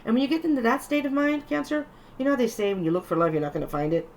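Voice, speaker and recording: Gravelly-voiced woman reading tarot. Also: on the high side, rapid-fire, a little mellow, slight background noise. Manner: chatty, reassuring, with frequent restarts. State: tired. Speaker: tarot reader.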